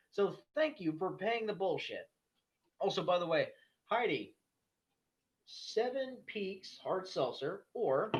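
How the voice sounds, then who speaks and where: A man's voice: fairly high pitch, a bit bright. Blunt, profane man on lo-fi stream audio. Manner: blunt and profane, talks back to trolls. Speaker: livestream host. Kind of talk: casual live stream, reading chat aloud.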